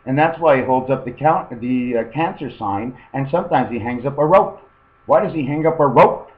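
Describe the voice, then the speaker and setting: A man's voice: medium pitch, animated, moderate pace, echoey room. Rambling man on tinny webcam audio. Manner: meandering, free-associating, repeats "okay". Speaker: webcam vlogger. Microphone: webcam microphone.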